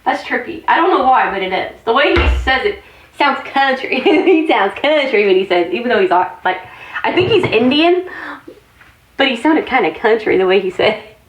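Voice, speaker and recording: A woman with a slightly high voice talks casually on her vlog at home. She rambles, exclaims and mutters half to herself as she goes about her day. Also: lively intonation, moderate pace, rough recording. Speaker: vlogger. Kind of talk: casual chat.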